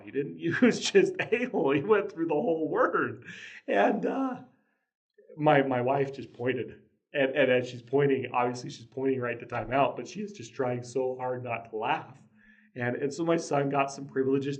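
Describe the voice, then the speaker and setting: A man hosting a casual motivational talk on parenting, telling a family story in an earnest way with chuckles and frequent restarts. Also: mid-range voice. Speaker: podcast host, father.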